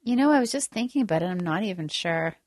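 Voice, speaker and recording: A woman chatting casually and telling stories, giggly and animated. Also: fairly low pitch, fast, no echo, clean studio sound. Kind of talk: casual chat.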